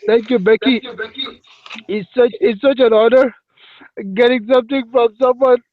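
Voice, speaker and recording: A man's voice: very high voice, fairly even intonation, moderate pace, phone-quality sound, slight background noise. A man hosting a casual voice-chat show, playful and self-mocking. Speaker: host.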